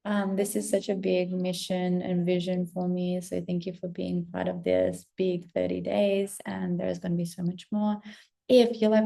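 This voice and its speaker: A woman's voice: lowish voice, level tone, normal speed, gravelly, mellow. A woman who coaches on spiritual growth, giving an emphatic, casual pep talk to camera, swearing freely and acting out inner voices. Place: outdoors or at a window on a trip abroad.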